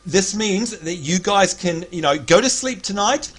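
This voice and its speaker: A man's voice: high-pitched, animated, unhurried, hardly any pauses, slightly rough. An Australian man hosting a live game stream, chatting casually and reading out viewer names in an upbeat way. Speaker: stream host.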